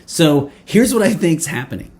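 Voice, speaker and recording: A man's voice: fairly high pitch, sing-song, moderate pace, darkish tone. A man reviewing a fragrance in casual talk to camera, playful and chatty, with many fillers, restarts and joking asides.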